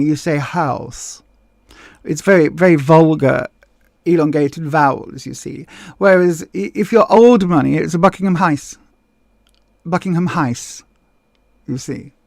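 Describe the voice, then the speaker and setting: A woman's voice: mid-range voice, a little mellow, no room sound, lightly acted. A woman putting on the voice of a haughty upper-class English lady, drawling with exaggerated clipped vowels.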